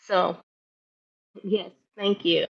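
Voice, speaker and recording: A woman guest shares her story in an interview. She speaks in an emotional, halting way, full of gratitude. Her audio sounds muffled and lo-fi. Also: on the low side, fairly even intonation, vocal fry. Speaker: guest, military parent.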